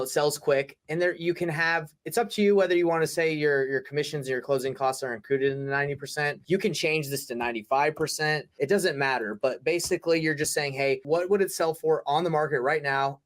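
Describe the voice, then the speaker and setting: A man co-hosting a real estate wholesaling show, coaching casually and acting out quotes in quick asides. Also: mid-range voice, a bit bright. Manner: upbeat, talks in quick asides and acted-out quotes. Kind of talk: casual teaching chat.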